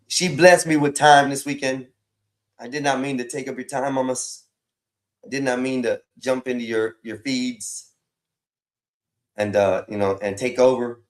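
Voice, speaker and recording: A man hosting a casual livestream, rambling and repeating phrases as he talks to his chat. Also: medium pitch. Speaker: livestream host.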